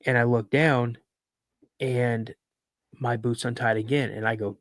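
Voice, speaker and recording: A man in mid pitch, telling a story as a podcast guest. He builds it up with lively repetition, and the sound is dry and close. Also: unhurried, long pauses, dry recording. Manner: lively storyteller, repeats words for emphasis. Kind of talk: recounting a personal encounter story.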